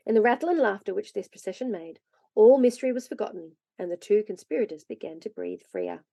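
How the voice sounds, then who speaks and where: A woman narrating a classic children's story aloud in a lively, expressive way. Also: medium pitch, fast talker, dry recording. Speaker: reader.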